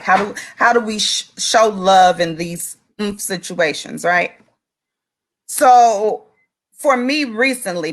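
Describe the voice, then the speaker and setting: A woman's voice: on the low side, a bit bright. Earnest, emphatic woman guest. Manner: earnest and emphatic, speaks from her experience as a mother. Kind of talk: faith-based talk show chat.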